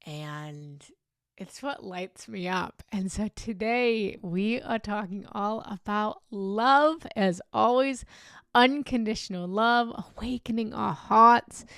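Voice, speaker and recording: Gushing young woman with a gravelly fry. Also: medium pitch, no room sound, clean studio sound. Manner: gushing, effusive, repeats greetings. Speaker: meditation teacher hosting a livestream. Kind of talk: live-stream chat and talk.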